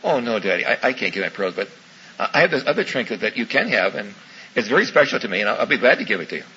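A man's voice: lowish voice, sing-song, fast, pushed and bright. A man voicing a sweet five-year-old girl who pleads with her father, in a muffled recording with faint hiss. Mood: pleading.

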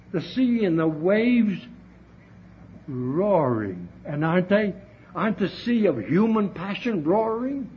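A man preaching a heartfelt sermon to his congregation, often calling out to them as brethren. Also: high voice. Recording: dull, lo-fi recording with faint hiss.

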